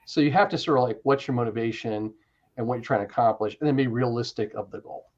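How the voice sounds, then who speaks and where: A man telling stories in a casual interview, animated, with quick restarts and asides. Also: medium pitch, muffled recording. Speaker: interview guest, author.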